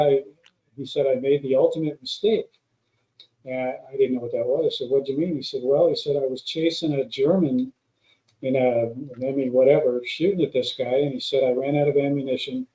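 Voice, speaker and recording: A man's voice: medium pitch, brisk, mellow. A man, a guest pilot, telling long rambling anecdotes in a casual chat, with many restarts. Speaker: guest, former stunt pilot. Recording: roomy echo.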